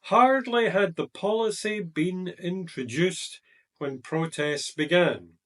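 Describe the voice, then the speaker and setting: A male language teacher walks through grammar points in a slow, deliberate lesson voice, leaning on the key words. His voice sits a little high for a man. The mic is set back a bit, so he sounds slightly distant. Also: a bit bright. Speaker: IELTS teacher. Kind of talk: explaining grammar to the camera.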